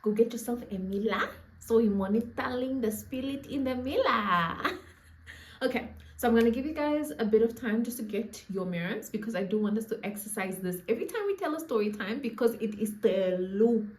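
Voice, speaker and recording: In an echoey room, a young Namibian-accented vlogger chats through a casual storytime, playful and laughing, with asides to her viewers. Her voice is fairly high and darkish, with lively intonation and a fairly quick pace, plus a little hiss or hum.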